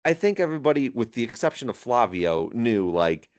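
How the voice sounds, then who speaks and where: A man's voice: medium pitch, sing-song, brisk. A man co-hosting a podcast in casual chat, laughing often as he retells funny moments and rambling through his points. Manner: rambling, many fillers and restarts. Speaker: podcast co-host.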